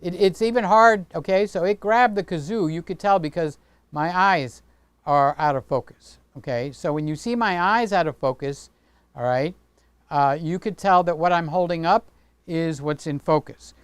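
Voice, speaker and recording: A man's voice: fairly high pitch, normal speed, clear, resonant tone, dry recording. A man hosting a casual livestream, chatting playfully with viewers and talking with his hands. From Greek heritage. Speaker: livestream host.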